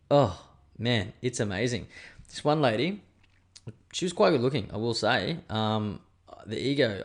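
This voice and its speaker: A young man hosting a solo podcast, chatting casually and swearing as he rambles through stories. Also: on the low side. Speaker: podcast host.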